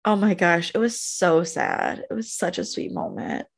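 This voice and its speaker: A woman co-hosting a podcast, recapping a TV episode in casual chat, animated and gushing, laughing often. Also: on the low side, normal speed, gravelly. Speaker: podcast co-host.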